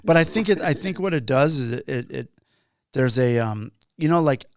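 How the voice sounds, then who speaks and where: A man's voice: medium pitch, lively intonation, normal speed, a little hiss or hum. A man hosting a casual podcast chat, rambling with many restarts and fillers. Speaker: podcast host.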